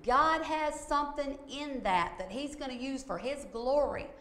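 Woman preacher, higher voice, emphatic storytelling, roomy echo. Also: a little slow, a bit bright. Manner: emphatic, repeats "okay?" for emphasis. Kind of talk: sermon-style storytelling. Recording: echoey room.

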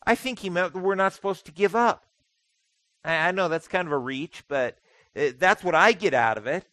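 A man's voice: high-pitched, expressive, normal speed, a bit bright, no echo, low-quality recording. A man preaching a sermon as pastor, conversational with dry humor and emphatic repetition. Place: church sanctuary.

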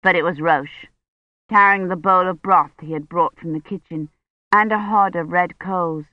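A woman narrating an audiobook in a measured, even storytelling manner. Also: on the low side, dry recording. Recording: dull dry recording.

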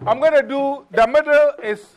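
A man with a notably high speaking voice runs a group drumming lesson and repeats each call so everyone can answer. His delivery is energetic and encouraging. Hand drums play clearly behind him. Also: normal speed, over loud music. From from abroad. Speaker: drumming workshop leader. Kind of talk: call-and-response teaching. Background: hand drums playing.

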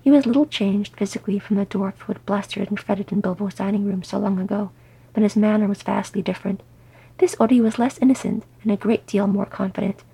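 A woman narrating a story aloud, soft and often whispery. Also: medium pitch, steady tone, fairly quick, breathy edge. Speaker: audiobook reader.

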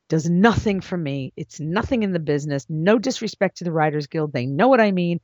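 A woman's voice: fairly low pitch, lively intonation, fairly quick, few pauses, a little mellow, dry recording. A woman hosting an advice show in a casual monologue, blunt and emphatic, her voice swooping up into exclamations. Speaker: podcast host and script consultant. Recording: dull lo-fi dry recording.

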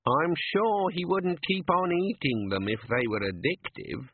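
A man's voice: fairly high pitch, unhurried, a little hiss or hum, voice pushed up. A man voicing a fussy older wizard who is flustered and overly polite. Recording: narrow phone-like sound.

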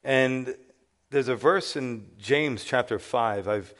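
Middle-aged guy preaching, telling his story with lots of life, acts out the voices, mid pitch. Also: takes it slowly, a bit bright. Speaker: pastor. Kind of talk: sermon testimony.

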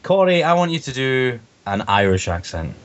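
A man's voice: medium pitch, sing-song, moderate pace, muffled recording. A Scottish man hosting a casual podcast chat, joking and teasing his guests. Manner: jokey, teasing. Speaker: podcast host.

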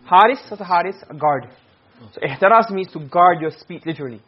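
A man lectures on Arabic rhetoric in a quick, husky, high-pitched voice. He throws out questions and answers them himself, breaking into rapid chanted Arabic verse between his English explanations. The recording is dull and lo-fi. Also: animated. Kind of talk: classroom lecture.

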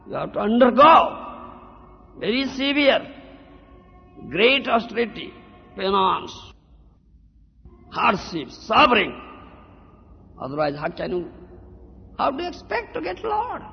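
High, animated preacher in an echoing hall. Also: male voice, gravelly. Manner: repeats words, keeps asking "huh?" and "you understand?". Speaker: spiritual teacher. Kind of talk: devotional sermon. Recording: lo-fi recording in a reverberant hall.

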